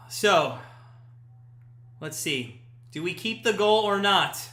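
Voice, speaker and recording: Excitable man calling a match. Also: high voice, extremely slow. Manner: excitable, chatty play-by-play that jumps to shouts at big chances. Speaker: live stream host. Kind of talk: casual watch-party commentary. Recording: echoey room.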